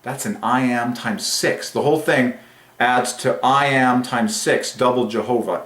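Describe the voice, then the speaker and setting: A man delivers a solo religious monologue with rising excitement, slowing down to stretch out the phrases he wants to stress. His voice sits at an ordinary middle pitch. The recording carries a noticeable roomy echo. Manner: emphatic and excitable, drawing out key phrases slowly. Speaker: religious channel host.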